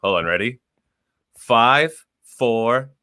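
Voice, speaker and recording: A man's voice: medium pitch, lively intonation, drawn-out words, sharp tone, clear, resonant tone, dry recording, studio quality. A man acting out a comedy sketch as a podcaster, arguing with his partner in exasperation.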